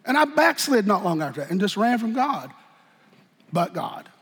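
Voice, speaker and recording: A man preaching a sermon and telling his own story, shifting from shouted bursts to hushed, quiet talk in a folksy way. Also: high-pitched, very animated, fairly quick, husky. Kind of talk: sermon with personal testimony. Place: church sanctuary. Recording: long church reverb.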